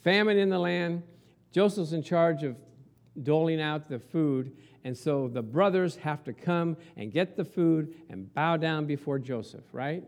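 A pastor delivers a relaxed, conversational sermon, talking to his congregation the way he would to friends. His voice sits a little on the high side for a man, and he keeps asking his listeners rhetorical questions as he goes. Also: a little slow.

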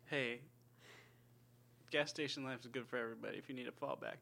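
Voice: medium pitch, fairly even intonation, a little fast, vocal fry, bright, forceful tone. Laid-back jokey podcast co-host. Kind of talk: casual comedic chat.

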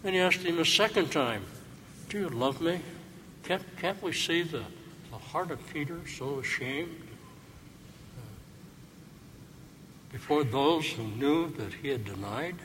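Slow-preaching priest in a reverberant church. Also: male voice, a little high, lively intonation, a bit bright, slight background noise. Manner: slow, reflective preaching with rhetorical questions. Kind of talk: sermon. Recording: church hall reverb, faint ambience.

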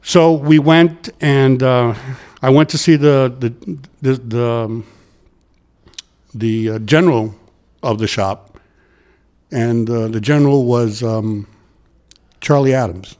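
A man's voice: medium pitch, slow, long pauses. Middle-aged new guy telling old work stories, gets into it, does the voices. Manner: animated storyteller who acts out quotes. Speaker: interview guest, retired transit worker. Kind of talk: casual storytelling interview.

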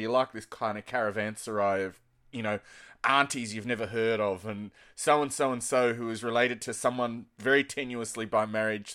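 A man with an Australian accent hosts a conversational interview, his voice bright and forward. He tells long, winding anecdotes that often restart mid-thought. His talk is scattered with "you know"s. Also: medium pitch, smooth. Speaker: interviewer hosting an author.

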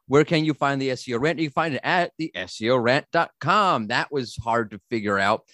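Joking podcast host, dry close sound. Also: male voice, mid-range voice, expressive, brisk, few pauses, sharp tone, no echo. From Brooklyn, USA. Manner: joking, self-mocking, rambling with restarts. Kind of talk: casual podcast chat.

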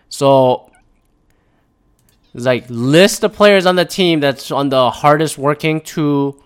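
A young man giving casual, rambling commentary as a podcast host, profane and full of animated quoted asides. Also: medium pitch.

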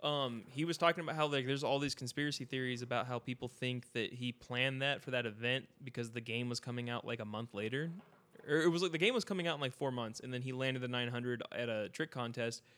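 A casual man from California, talking loosely on a podcast. He tells rambling stories packed with fillers, and his voice sits in an ordinary middle pitch. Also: steady tone, quick pace, fairly bright tone. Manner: rambling, filler-heavy storytelling. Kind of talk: casual chat.

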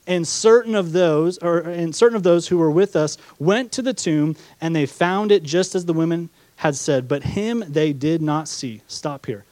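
A pastor with a fairly high, slightly mellow voice preaches a sermon at a moderate pace with few pauses, reading scripture aloud and explaining it through rhetorical questions. He acts out the disciples' doubts in quoted asides, and the recording is dry.

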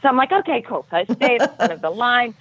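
Animated woman telling a funny story. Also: a little high, quick pace. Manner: animated, self-deprecating, acts out quoted voices. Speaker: podcast guest. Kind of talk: casual storytelling. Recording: muffled dull audio.

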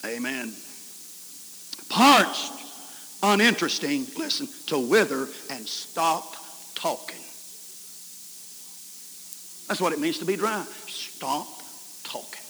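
Folksy male preacher, high bright voice, bursts of shouting and whispering, hissy hall recording. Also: lively intonation, slow, long pauses. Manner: folksy storytelling, swings from shouts to hushed whispers. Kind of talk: camp meeting sermon. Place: camp meeting hall.

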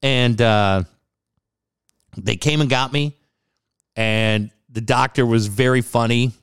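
A man's voice: slow pace, clean tone. A man telling a personal story in a casual chat, acting out what people said with big jumps in his voice. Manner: animated, acts out quotes with big pitch jumps.

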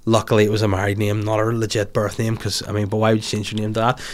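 A man's voice: on the low side, completely flat delivery, quick pace. A young man with a Northern Irish accent, hosting a podcast and telling a rambling, crude story in casual chat. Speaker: podcast host.

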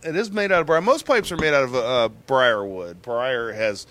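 A man in relaxed conversation who explains pipe tobaccos in detail. He talks with plenty of ums and restarts while he searches for the right description, and his voice sits at an ordinary middle pitch. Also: normal speed. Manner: knowledgeable, explains with many fillers and restarts. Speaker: pipe tobacco guest expert. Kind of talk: casual chat.

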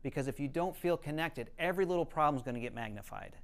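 A man's voice: on the high side, lively intonation, quick pace, gravelly. A man, a counselor, giving a conversational teaching talk, explaining earnestly and telling stories to make his points.

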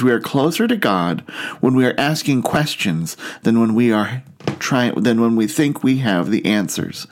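A man as pastor preaching an earnest sermon, often turning to rhetorical questions for his listeners. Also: mid-range voice.

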